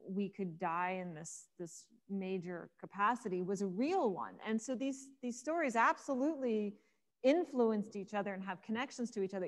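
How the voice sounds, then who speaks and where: A woman Egyptologist giving a casual spoken talk, retelling myths with lively acted-out dialogue for the gods. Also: mid-range voice, long reverb tail. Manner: lively storyteller acting out the gods' lines. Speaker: Egyptologist guest speaker.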